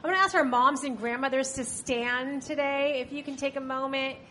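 A woman's voice: high voice, fairly even intonation, moderate pace, fairly bright tone. A young woman pastor speaking casually to her congregation, full of "you know" fillers, then leading prayer. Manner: chatty, upbeat, many "you know" fillers. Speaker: pastor leading a church service. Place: church sanctuary with congregation. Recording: congregation sounds and faint noise.

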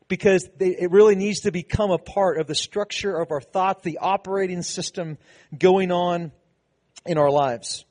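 A man's voice: high voice, darkish tone. A man, a pastor, giving a sermon in a conversational, preaching way, with frequent restarts and emphatic passages.

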